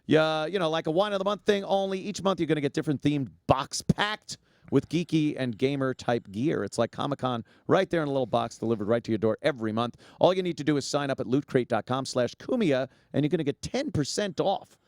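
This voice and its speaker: A talk show host riffing through a live ad read, laughing at his own asides. His voice sits a little high. The sound is dry and close, with no room in it. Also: animated, a little fast, dry recording. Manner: jokey, laughs often, rambling ad read. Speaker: podcast host. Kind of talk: casual chat and live ad read.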